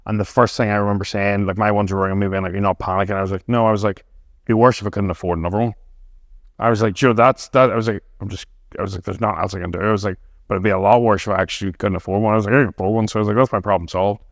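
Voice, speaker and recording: A man chats as a podcast guest, rattling through anecdotes at a brisk clip and swearing freely. His voice sits fairly low, and the sound is close and dry with little room echo. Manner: fast, animated storytelling with frequent swearing. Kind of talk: casual chat.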